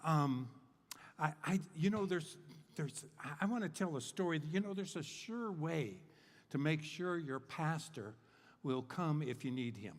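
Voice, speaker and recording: Rambling older preacher in a reverberant hall. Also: male voice, on the high side, animated, a little slow. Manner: rambling, joking, with many fillers and restarts. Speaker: guest preacher. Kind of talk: humorous sermon storytelling. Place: church sanctuary. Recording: long hall reverb in a church.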